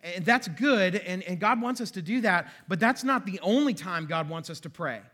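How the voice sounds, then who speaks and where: A man preaching in a church, his voice high and bright. He teaches in a conversational way, slipping in self-deprecating jokes and asides to the congregation. The delivery stays friendly and informal. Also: lively intonation, moderate pace. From western Pennsylvania. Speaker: pastor. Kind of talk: sermon. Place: church sanctuary.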